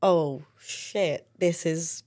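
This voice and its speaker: A woman's voice: on the low side, drawn-out words, darkish tone. A woman chatting as a guest on her brother's podcast, supportive and full of "like". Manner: supportive, giggly, fillers of "like". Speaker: podcast guest, host's sister. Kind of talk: casual chat.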